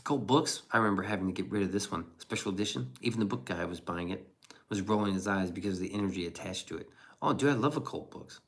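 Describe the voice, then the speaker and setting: A man's voice: sits low, fast talker. A man streaming casually and reacting to chat, rambling and profane with chuckling asides.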